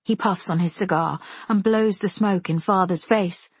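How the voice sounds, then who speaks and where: A woman reading a first-person story aloud with measured, intimate storytelling. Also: lowish voice, husky, no echo. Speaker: audiobook narrator. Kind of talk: first-person audiobook narration.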